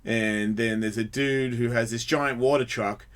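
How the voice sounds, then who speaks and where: A man hosting a radio show, telling a story in a casual and lively way, swearing freely and acting out the other people's voices. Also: medium pitch, unhurried, clear, resonant tone. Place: radio studio.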